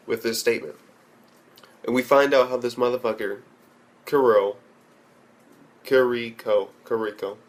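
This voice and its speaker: A young man ranting bluntly and profanely in an anime review, rambling with restarts. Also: medium pitch. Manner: profane and blunt, heavy swearing.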